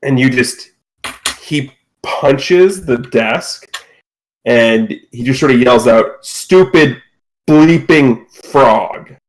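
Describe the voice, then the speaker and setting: A man running a tabletop role-playing game as game master. He narrates in a loose, casual way, full of fillers, in an ordinary mid-pitched voice. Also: takes it slowly, low-quality recording.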